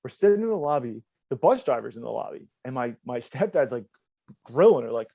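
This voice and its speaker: A man's voice: medium pitch, lively intonation, brisk, warm tone, no room sound. A young man telling rambling, profane stories and laughing on a casual podcast. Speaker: podcast co-host. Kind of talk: casual storytelling. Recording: dull lo-fi podcast audio.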